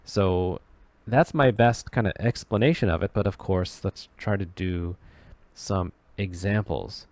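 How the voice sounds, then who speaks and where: A man's voice: low voice, darkish tone, no room sound. A man teaching English grammar off the cuff, often stopping to restart and correct himself as he searches for words. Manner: halting, many restarts and self-corrections. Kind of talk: unscripted grammar explanation.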